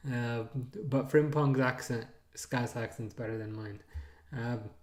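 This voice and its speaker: A man's voice: mid-range voice, unhurried. Chatty man in an echoey room. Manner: relaxed, hesitant with many fillers; reads out and answers viewer chat. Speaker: live-stream host. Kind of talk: casual match commentary.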